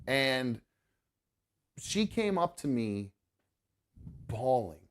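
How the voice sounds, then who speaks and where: A man's voice: medium pitch, big pitch swings, extremely slow. A middle-aged man hosting a talk show, telling a long personal story in an earnest, rambling way. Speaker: podcast host. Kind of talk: casual chat. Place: studio.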